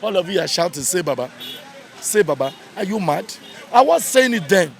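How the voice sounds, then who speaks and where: A man's voice: high voice, very animated, moderate pace, creaky, a little hiss or hum. A man with a Nigerian accent giving angry street commentary, heated and repetitive for emphasis. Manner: heated, ranting, repeats points for emphasis. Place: outdoors in a busy urban street.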